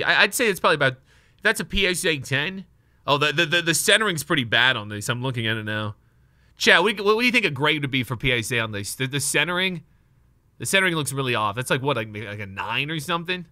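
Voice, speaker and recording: A young man streams himself opening trading card packs, excitable and on edge, talking with his chat and swearing now and then. His voice leans high and he talks fast, in a dry, studio-quality recording.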